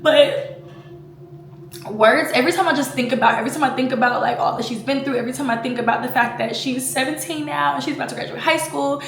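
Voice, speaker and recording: Young woman vlogger, high voice, chatty and teary, echoey room with faint hum. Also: gravelly. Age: 20s. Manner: emotional, fighting back tears; chatty, full of fillers like "like" and "you know". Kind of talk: casual personal vlog talk.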